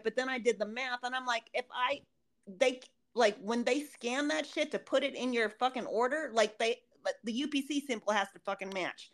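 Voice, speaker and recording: A woman co-hosting a podcast in casual chat, telling profane, animated stories and acting out what people said. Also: fairly high pitch, normal speed. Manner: profane, animated storytelling with acted-out quotes. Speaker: podcast co-host.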